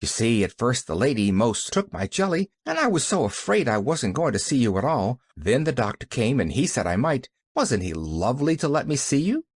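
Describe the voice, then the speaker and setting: A man's voice: medium pitch, very animated, normal speed, hardly any pauses, husky, dry recording, studio quality. A man voicing a cheerful, talkative little girl who chatters eagerly in an audiobook reading.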